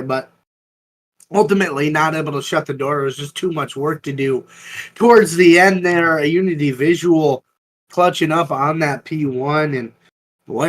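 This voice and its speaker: Relaxed male esports analyst, higher voice. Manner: relaxed, conversational recap. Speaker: esports color commentator. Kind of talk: casual analyst commentary.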